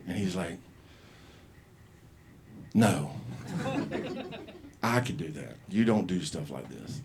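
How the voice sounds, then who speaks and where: A man's voice: low voice, very animated, a little slow, pauses often, slight background noise. A man telling a profane story as a stand-up comic at an open mic, acting out the people he quotes. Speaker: stand-up comedian. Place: comedy club stage.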